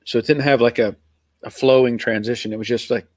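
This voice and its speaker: A middle-aged American man, his accent sitting between Northern and Southern US, chatting with his live viewers in an easygoing, rambling way. His voice sits at an ordinary male pitch. The sound is close and dry, with no room echo. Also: fairly even intonation, a little fast, darkish tone. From Pennsylvania, USA. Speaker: live stream host. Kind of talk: casual live chat reading viewer comments.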